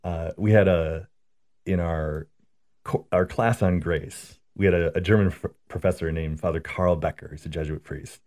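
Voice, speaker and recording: A priest explains prayer in an earnest, conversational way and tells stories as he goes. His voice sits very low. He often checks in with a quick "right?". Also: steady tone, a little mellow. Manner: earnest, storytelling, repeats "right?".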